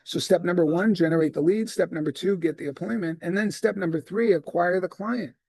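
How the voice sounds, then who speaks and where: A man's voice: sits high, fairly quick, creaky, dry recording. A middle-aged man giving a sales training talk, telling stories and acting out the dialogue in them. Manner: animated storyteller acting out dialogue. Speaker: real estate sales trainer.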